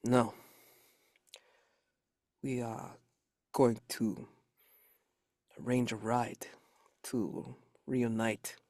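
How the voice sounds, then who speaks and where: A sullen, burly frontier henchman speaks in a hushed, whispery tone, as a game master puts him on. It sounds gruff and grudging, recorded close with no room echo. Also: medium pitch.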